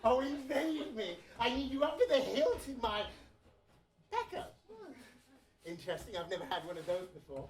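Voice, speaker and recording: A woman's voice: on the high side, very animated, normal speed, long pauses, echoey room. A woman doing a giggly, lovesick emperor. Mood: swooning. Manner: breathy, giggly, flirtatious. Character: swooning, lovesick male emperor. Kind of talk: comedic audio play acting.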